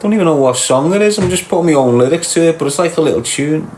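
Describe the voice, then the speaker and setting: A man's voice: on the high side, animated, fast talker, darkish tone, a little hiss or hum. A middle-aged man with a Liverpool accent, hosting a livestream and bantering crudely with viewers as he reads their comments aloud. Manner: teasing, crude, slangy. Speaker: livestream host. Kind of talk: casual banter reading chat comments.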